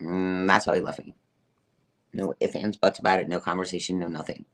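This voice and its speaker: A middle-aged woman streaming live talks fairly quickly in a bass voice with fairly even intonation. Her personal story to the chat is emphatic, repetitive and full of swearing, punctuated by her own laughter.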